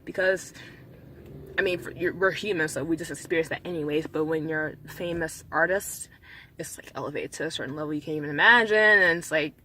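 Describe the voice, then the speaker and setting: Young woman vlogger with a low-set voice and a bright, sharp tone; chatty, rambling monologue. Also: a little fast, a little hiss or hum, rough recording. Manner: rambling, many fillers and restarts. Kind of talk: casual vlog monologue.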